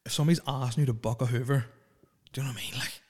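A man's voice: medium pitch, fairly even intonation, very fast, slightly rough. Profane, rambling man. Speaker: podcast host. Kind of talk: casual solo podcast chat.

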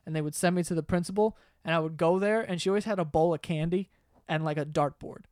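A man's voice: fairly high pitch, fast, darkish tone, no room sound, clean studio sound. A young man hosting a podcast, casually telling stories among friends. He laughs as he talks, swears freely and acts out other people's lines. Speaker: podcast host.

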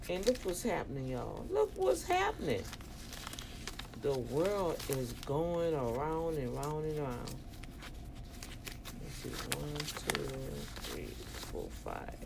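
Low and creaky, a woman's voice carries over a noisy background. She's a vlogger from New Orleans in the US South, talking to her online family in a relaxed but preachy way, with her local accent and plenty of emphatic rhetorical questions.

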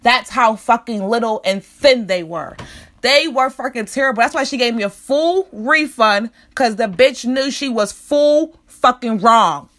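A woman's voice: on the high side, expressive, measured pace, a bit bright. A young woman telling an angry, profane storytime rant about a bad salon visit. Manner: profane, heated, repetitive rant.

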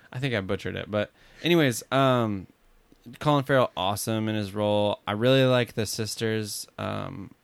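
Man, podcast co-host, rambling jokey chat, low voice, close dry sound. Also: measured pace, vocal fry, no room sound. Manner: rambling, jokey, trails off with fillers. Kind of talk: casual movie chat.

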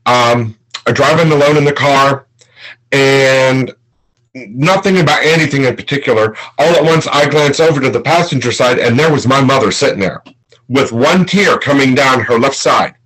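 Halting older man recounting a story. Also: mid-range voice, fairly bright tone, low-quality recording. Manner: halting, measured, many pauses. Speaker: guest. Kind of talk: casual storytelling.

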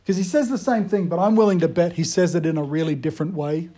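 A man giving a conversational sermon, moving between loud emphasis and quiet, hushed retellings. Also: a little high, quick pace. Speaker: preacher.

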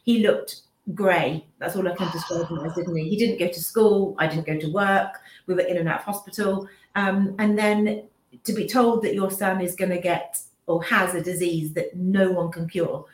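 A woman's voice: lowish voice, fairly even intonation, moderate pace. A woman in her fifties giving a candid, emotional personal account in an interview, often restarting her sentences and acting out what others said. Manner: emotional, restarts sentences, acts out remembered speech. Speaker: business owner and mother, interview guest. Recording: roomy echo.

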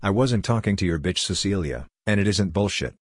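A man voicing a calm, steady male auditor in an audiobook, speaking in a measured way. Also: sits low, husky, no room sound, clean studio sound.

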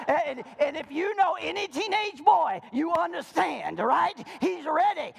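A man preaching a sermon as pastor, swinging between shouted highs and hushed lows, with playful jokes to the congregation. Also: unhurried, creaky, few pauses, in a large hall. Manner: animated preaching, swinging from high shouts to low murmurs; playful, joking asides to the congregation.

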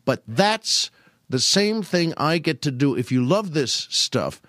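A man's voice: takes it slowly, no room sound, studio quality. An older man hosting a podcast, telling casual stories about old comedy and often slipping into put-on voices. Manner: animated, slips into high put-on voices quoting old comedians. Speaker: podcast host. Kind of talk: casual storytelling monologue.

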